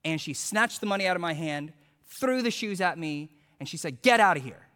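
A male preacher telling a story in a sermon, animated as he acts out quotes, then turning hushed and earnest. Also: fairly high pitch, moderate pace, long reverb tail.

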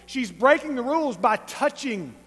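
A man with an East Texas accent preaching a sermon as a pastor, conversational and emphatic, with animated storytelling. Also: very high-pitched, moderate pace, husky. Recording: long reverb of a large hall.

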